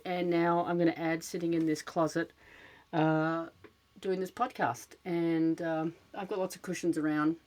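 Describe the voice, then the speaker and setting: An older woman with an Australian accent, hosting a casual solo podcast in a chatty, self-deprecating way, with many fillers. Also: fairly low pitch. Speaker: podcast host. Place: small closet lined with cushions.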